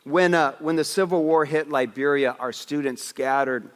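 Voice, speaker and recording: A man preaching in a church, his fairly high voice ringing with long reverb through the sanctuary. He tells stories with lively energy and often repeats a word as he finds the next thought. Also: normal speed, clear, resonant tone. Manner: energetic storytelling, repeats words as he goes, acts out quotes. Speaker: pastor. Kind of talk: Christmas Eve sermon with stories. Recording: long hall reverb in a worship house.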